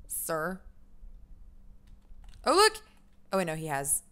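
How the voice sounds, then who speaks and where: A woman's voice: lowish voice, lively intonation, normal speed, a bit bright. Chatty woman streaming a game. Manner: chatty, self-mocking, laughs often. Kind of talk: casual game commentary.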